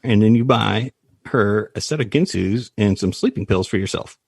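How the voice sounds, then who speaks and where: A man guesting on a business podcast, an animated storyteller who explains through analogies. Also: fairly low pitch, normal speed, vocal fry, breathy edge, no room sound, studio quality. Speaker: guest, practice valuation advisor. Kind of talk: podcast interview.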